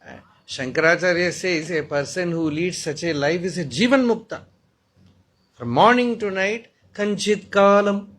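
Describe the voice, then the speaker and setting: Indian man, fairly high voice, unhurried spiritual teacher telling stories. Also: fairly bright tone, low-quality recording. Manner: storytelling, asks "Hmm?" to listeners, chants Sanskrit verses. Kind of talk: spiritual discourse.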